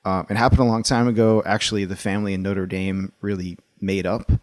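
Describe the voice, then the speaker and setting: A lower-voiced man giving his take on a college football hire in a loose, opinionated way, often restarting his sentences. His voice is recorded close and dry, with no room sound. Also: a little fast, no echo. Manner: animated, opinionated, rambling with restarts. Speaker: sports podcast co-host. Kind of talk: casual sports talk.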